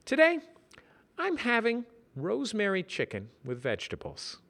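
A man's voice: sits high, huge pitch swings, moderate pace, gravelly, bright, forceful tone, voice pushed up, heavily acted. A man voicing an earnest, formal young office worker. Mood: breezy. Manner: precise, earnest, slightly grand.

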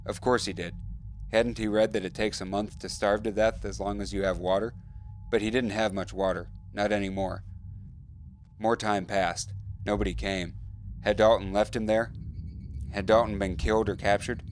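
Low-voiced man narrating a somber story. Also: little pitch movement, normal speed, a little hiss or hum. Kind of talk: audiobook narration.

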